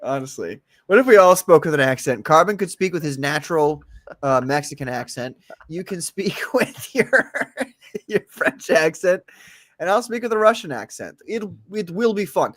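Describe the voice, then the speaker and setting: A man's voice: fairly high pitch, animated, normal speed, fairly bright tone, no room sound, clean studio sound. A man co-hosting a podcast, trading crude, teasing jokes in loose banter. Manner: mocking, jokey, teasing. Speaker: podcast co-host.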